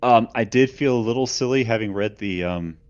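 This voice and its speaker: A man's voice: medium pitch, brisk. A man co-hosting a live gaming show, chatting in a dry, hesitant way with many fillers. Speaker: co-host. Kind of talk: casual livestream chat. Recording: dull lo-fi mic.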